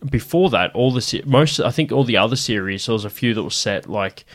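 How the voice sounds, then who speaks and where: Animated Australian man telling stories. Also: medium pitch, fairly quick. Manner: swearing, animated storytelling with restarts. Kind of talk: casual chat.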